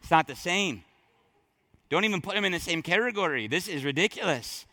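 A man preaching a sermon to his congregation, talking straight to them with emphatic, conversational delivery that drops low and surges back up. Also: animated, a little fast, bright, forceful tone. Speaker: pastor. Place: church sanctuary.

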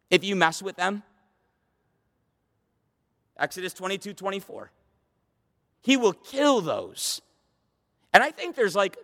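A man preaching from the pulpit, his fairly high voice rising into emphatic, passionate runs before dropping back into easy conversational asides. His delivery is a midweek church sermon, and the sound carries a long hall reverb. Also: pushed and bright. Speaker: pastor.

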